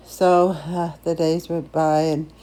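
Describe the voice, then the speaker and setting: A low, mellow older woman tells a story from her own life in a loose, chatty way. She is emotive and restarts her sentences often. Her voice sits on the lower side, warm rather than bright. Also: flat delivery, slow pace. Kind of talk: casual personal storytelling.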